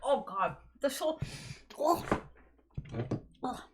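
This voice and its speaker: A young adult woman streaming live, reacting excitedly and swearing casually as she talks to her chat. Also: high voice, takes it slowly, noisy background.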